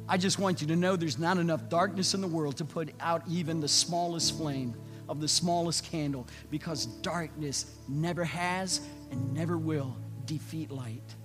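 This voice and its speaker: A man preaching a sermon as pastor, swinging from loud, rapid urging to soft, slow passages. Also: a little high. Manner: building to loud, fast repeated urgings, then dropping soft and slow. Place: church sanctuary. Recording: long church reverb with soft music.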